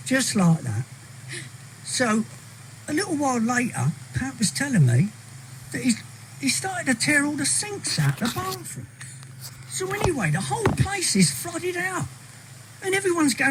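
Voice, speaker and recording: English male storyteller, high voice, animated yarn-spinner, slight studio hiss. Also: measured pace, pauses often, rough recording. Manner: chatty, animated, acts out quoted voices. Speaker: storyteller guest. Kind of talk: casual anecdote telling. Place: radio studio. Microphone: studio mic.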